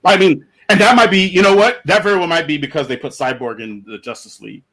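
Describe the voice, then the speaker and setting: A man's voice: a little high, quick pace, fairly bright tone. Rambling man on a podcast call. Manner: rambling, many fillers and restarts. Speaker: panelist on a comics podcast. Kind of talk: casual panel discussion.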